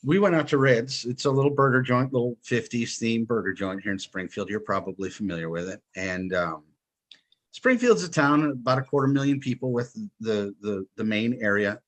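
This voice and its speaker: A man, a guest in an interview, telling his story with lively quoted dialogue. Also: medium pitch, fairly quick. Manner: animated storyteller, acts out quotes. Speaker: guest, online seller.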